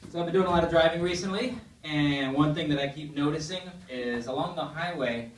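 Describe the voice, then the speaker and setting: A man's voice: on the high side, a little fast. A man doing a stand-up set in a conversational, chatty way and often asking the crowd questions. He sounds far from the mic, in a roomy, echoey club with a faint hiss behind him. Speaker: stand-up comedian. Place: comedy club stage. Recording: echoey room, distant mic, faint noise.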